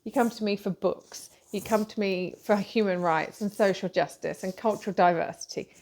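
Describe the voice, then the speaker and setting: A woman's voice: mid-range voice, moderate pace, darkish tone. A woman publisher hosting a casual live talk, rambling with many fillers and self-corrections.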